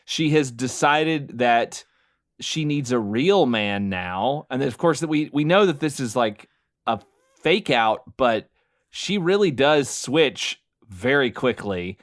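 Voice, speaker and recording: A man's voice: medium pitch, animated, takes it slowly. A man co-hosting a podcast, recapping a film in casual chat with lots of fillers and restarts, often laughing as he talks. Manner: amused, laughs while talking. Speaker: podcast co-host.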